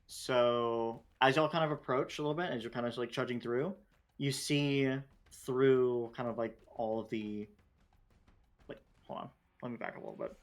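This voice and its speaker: A man's voice: mid-range voice, normal speed. Rambling man running a game. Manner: loose, rambling with many fillers and restarts. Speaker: game master. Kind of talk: running a tabletop game session.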